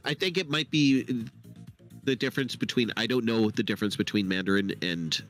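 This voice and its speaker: A man hosting a casual live stream chat, rambling and halting with frequent restarts. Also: mid-range voice, a bit bright, soft background music. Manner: rambling, halting, laughs often. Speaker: host.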